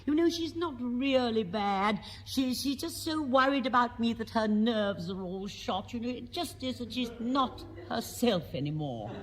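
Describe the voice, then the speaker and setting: A woman's voice: a little high, expressive, a little slow, few pauses, big-room sound, a little hiss or hum, pitched above the performer's own voice. A woman voicing a sweet young princess who pleads and wails in a comic stage retelling. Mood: pleading. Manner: wailing.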